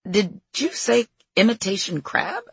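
A woman voicing a forceful female trainer and life coach who questions like a drill sergeant. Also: mid-range voice, sing-song, a little slow, slightly rough, dry recording, highs cut off, pitched above the performer's own voice, full character voice. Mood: insistent.

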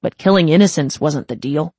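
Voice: mid-range voice, fairly quick, darkish tone, husky, no room sound. A narrator voicing a weary young gang leader in his twenties who speaks in a cold growl. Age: 20s.

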